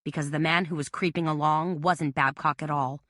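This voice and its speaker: Bright, dry-voiced woman narrator. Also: low-pitched, fairly even intonation, moderate pace, no room sound. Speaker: audiobook narrator. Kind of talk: scripted narration.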